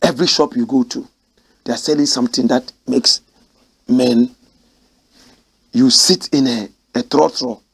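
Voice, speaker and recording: A man's voice: mid-range voice, steady tone, a little slow, vocal fry, pauses often, breathy edge. A man who hosts a commentary show, reading news reports aloud and breaking into emotional, ranting remarks. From Ghana. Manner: emotional, rants and exclaims between read passages.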